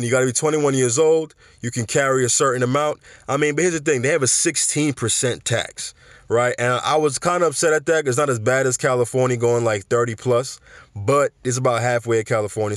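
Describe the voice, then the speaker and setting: A male podcast host talking casually and with a lot of emphasis, full of slang and quick restarts. His voice sits in an ordinary middle register, recorded close and completely dry with no room sound. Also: medium pitch, no room sound. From New York.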